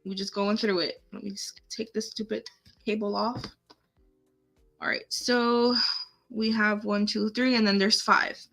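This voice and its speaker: Bright, slow-talking woman crafter. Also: mid-range voice, flat delivery, gravelly, faint music behind. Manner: chatty, talks to herself and viewers while clicking. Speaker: craft tutorial host. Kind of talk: casual live tutorial. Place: home setup, live stream.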